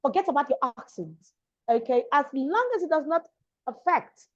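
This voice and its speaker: Expressive and high-voiced at a normal pace, this Lagos-raised Nigerian coach of public speaking and diction drives her points home in an interview, repeating the important ones. The recording has a dull, lo-fi quality.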